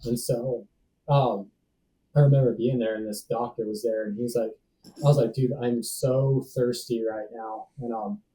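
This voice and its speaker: A man's voice: medium pitch, steady tone, moderate pace, warm tone, distant mic, low-quality recording. A man telling a personal story as a podcast guest, laid-back, acting out other people's lines. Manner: laid-back, acts out dialogue, says "dude" and "man" often.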